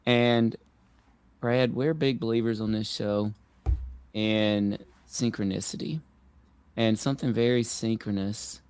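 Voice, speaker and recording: A man's voice: fairly low pitch, a little mellow. A man hosting a podcast in a casual, musing, easygoing way. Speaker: podcast host. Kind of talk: casual chat.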